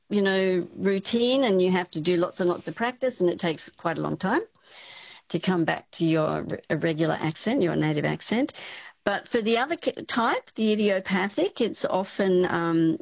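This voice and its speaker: A woman's voice: lowish voice, creaky, no echo, muffled recording. A woman, a speech pathology professor, explaining things in a chatty way with lots of fillers as a radio interview guest.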